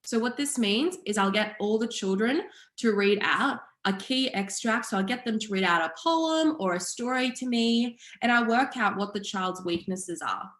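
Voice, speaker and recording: A young woman teaching public speaking online, explaining each skill in a clear, steady way. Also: mid-range voice. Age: young adult. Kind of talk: online seminar presentation. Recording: echoey room.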